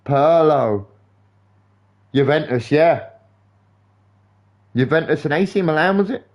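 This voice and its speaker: A young man with a voice that sits a little high streams a game live and talks casually and slowly. His rambling football chatter is animated and full of cursing, and the sound is lo-fi.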